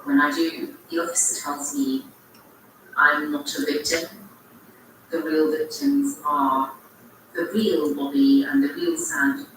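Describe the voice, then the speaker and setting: A woman's voice: low-pitched, very animated, slow. A woman recounting her story in documentary testimony, telling it dramatically. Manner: dramatic storyteller acting out quoted lines. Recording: echoey distant TV audio with faint noise.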